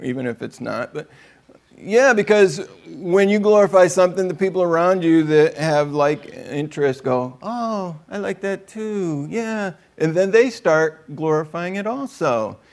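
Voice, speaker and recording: A man's voice: fairly high pitch, animated, normal speed, creaky. A man preaching a conversational sermon, joking with the room and acting out quotes in other voices. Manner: joking, chatty, acts out quotes.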